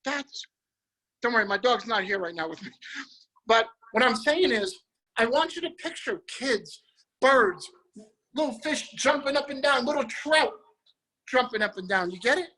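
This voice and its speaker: A man leading a guided visualization on a group video call, energetic and emphatic, repeating his phrases. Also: very high-pitched, moderate pace, low-quality recording. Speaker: motivational speaker.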